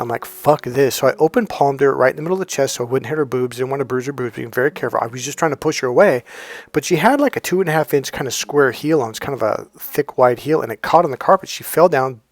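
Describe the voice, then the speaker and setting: A dating coach with a medium-pitched voice tells a personal story as advice, speaking in a profane, emphatic way and repeating "here's the deal." There's no echo.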